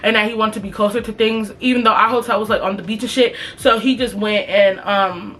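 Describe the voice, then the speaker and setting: A woman's voice: medium pitch, fairly even intonation, a little fast, a bit bright. A young woman telling a storytime and answering questions in a chatty, slangy, profane way with lots of fillers. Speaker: vlogger. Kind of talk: casual storytime and Q&A.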